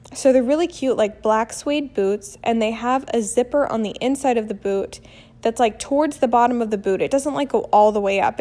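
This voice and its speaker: A woman in her thirties, a vlogger and mother, tells a story in a casual vlog with a slightly high voice. She's animated and blunt, drops in mild swearing, and acts out the quotes.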